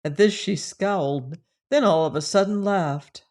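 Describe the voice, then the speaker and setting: An audiobook narrator reading a classic adventure novel in first person, measured and steady. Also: mid-range voice.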